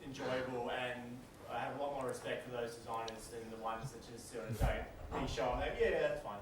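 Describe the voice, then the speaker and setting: A man's voice: mid-range voice, steady tone, a little fast, background noise. A man in the audience chiming in casually with his own opinion, using informal slang. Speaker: audience member. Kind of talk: discussion from the audience. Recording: distant roomy mic with crowd.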